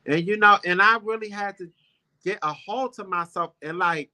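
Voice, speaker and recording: A man's voice: high-pitched, normal speed, pushed and bright. A man hosting a casual talk show, telling a personal story in a heartfelt, rambling, emphatic way. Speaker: show host.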